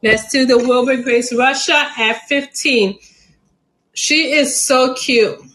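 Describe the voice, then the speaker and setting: A woman's voice: high-pitched, steady tone, slow pace, fairly bright tone, low-quality recording. A middle-aged woman hosting a live plant sale stream, chatty and laughing often.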